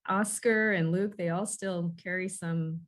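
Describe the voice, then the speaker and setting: A woman's voice: on the low side, fairly even intonation, a little slow. Woman, book club host, casual chat, asks questions, video call audio.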